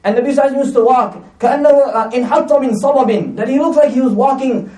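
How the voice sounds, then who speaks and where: High-voiced man preaching, echoey room. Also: racing, warm tone. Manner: storytelling with asides and fillers. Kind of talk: conversational religious talk. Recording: echoey room, mic at a distance.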